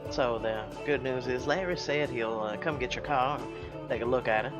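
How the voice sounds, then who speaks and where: A man playing a soft-spoken laid-back cowboy. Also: medium pitch, moderate pace, music in the background, natural voice. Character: easygoing friendly young cowboy, male. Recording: dull lo-fi audio.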